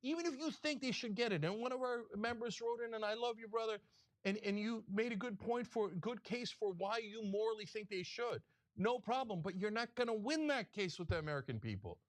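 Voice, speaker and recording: A man's voice: sits high, brisk. A man hosting a political talk show, delivering heated, emphatic commentary with sarcastic asides.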